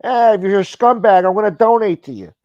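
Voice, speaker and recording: A man's voice: sits high, expressive, dry recording, lo-fi sound, voice pushed up. A man putting on the voice of a boastful, rambling, dim-witted grown man who drawls and mocks himself. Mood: mocking. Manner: slow, drawling, self-mocking, profane.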